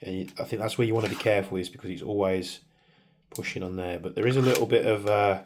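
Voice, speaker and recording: A man's voice: fairly low pitch, fairly even intonation, fast talker. Man casually testing gear, noisy room. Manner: casual, muttering to himself while fiddling with gear. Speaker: airsoft channel host. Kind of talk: casual hands-on product testing. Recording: clear background noise.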